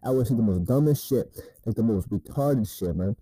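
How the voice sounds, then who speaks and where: A man's voice: on the low side, lively intonation, a little fast, warm tone, breathy edge, dry recording, poor audio. A man giving laid-back, profane dating advice in a rambling casual monologue, often asking "you know what I mean".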